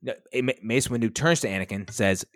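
A man's voice: mid-range voice, quick pace, no room sound, clean studio sound. A man co-hosting a podcast, recapping a TV episode in a rambling, casual chat, swearing now and then. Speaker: podcast co-host.

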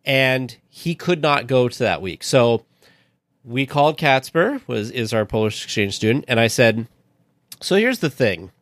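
A man's voice: mid-range voice, sing-song, a little slow, a bit bright, dry recording, clean studio sound. A man hosting a podcast, telling a personal story in an earnest, heartfelt casual way.

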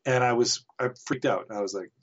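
A man's voice: mid-range voice, a little fast. A man from Canada, a podcast guest, telling a casual anecdote in a rambling way with frequent chuckles. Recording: dull lo-fi podcast audio.

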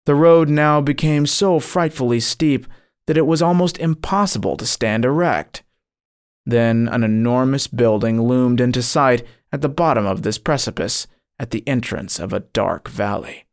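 A man narrating an audiobook in a measured, solemn reading. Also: mid-range voice. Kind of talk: scripted narration.

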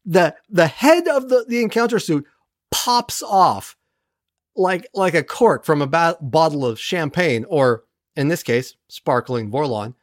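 A podcast host races through an episode recap in a casual, sarcastic tone, swearing and doing quick mimicry of characters. Their pitch swings widely and stays lively throughout. The recording is close and dry. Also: dry recording.

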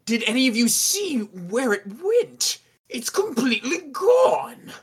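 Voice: high-pitched, sing-song, slow, husky, pitched above the performer's own voice, full character voice. A game master voicing an indignant wealthy male homeowner who exclaims theatrically.

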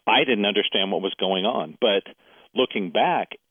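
A man with a lowish voice tells a long personal story, now and then acting out the people in it. The sound is thin and tinny, as if over a phone line. The room is dry, with no echo. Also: moderate pace, slightly rough. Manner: animated storyteller, quotes others in dialogue. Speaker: guest. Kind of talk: casual interview storytelling.

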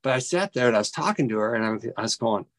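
A man telling a personal story as an interview guest, acting out quoted dialogue with big jumps in pitch and often restarting his sentences. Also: expressive, no echo. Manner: halting, with frequent restarts.

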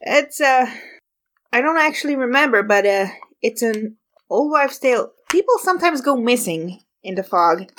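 A woman voicing a cautious middle-aged fisherman father steering a boat, speaking hesitantly with many pauses. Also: very high voice, animated, a bit bright. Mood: cautionary. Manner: hesitant, full of pauses, warning tone.

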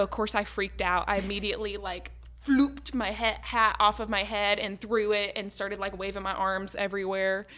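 A woman's voice: mid-range voice, fairly bright tone. A young woman in casual chat, telling a story with frequent fillers and laughs. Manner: chatty storyteller, laughs often, says "like" and "um" a lot.

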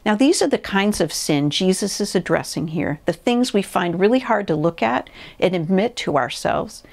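A woman preaching a sermon in an earnest, measured way, reading scripture and a story aloud. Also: mid-range voice, animated, vocal fry, a little mellow. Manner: earnest, measured teaching with pauses.

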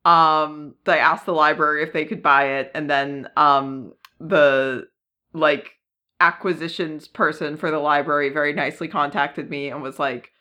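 Casting: woman podcast co-host, unhurried and bright, easygoing with lots of ums. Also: low-pitched, fairly even intonation. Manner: laughs often, lots of ums. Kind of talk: casual chat.

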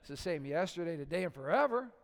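A middle-aged male pastor preaching a conversational sermon, asking the congregation questions and joking, dropping to a hush and then rising to loud emphasis. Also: fairly high pitch, sing-song, fast, creaky. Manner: swings from soft and hushed to loud and emphatic. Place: church sanctuary. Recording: long reverb of a church hall.

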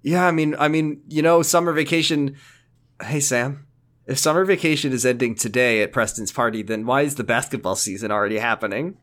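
A male podcast co-host in loose, casual chat, recapping a TV episode. His voice sits at an ordinary middle pitch. He rambles, restarts, and drops characters' lines in a dry, mocking deadpan. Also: a little fast.

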